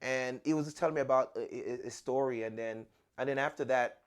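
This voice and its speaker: A man's voice: medium pitch, fairly even intonation, fairly quick, clean tone. A man hosting a podcast, telling a personal story in an earnest, conversational way and often repeating words as he restarts. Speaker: podcast host.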